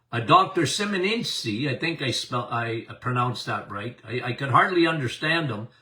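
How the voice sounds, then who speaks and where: An older man, a doctor who hosts a podcast, talks casually about health, speaking directly to his listeners in a folksy way. His mid-range voice has a sharp tone and was recorded from a distance.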